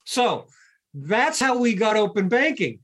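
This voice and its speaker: A man in a conversational podcast discussion, an animated storyteller who acts out the people he quotes. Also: high voice, unhurried, breathy edge.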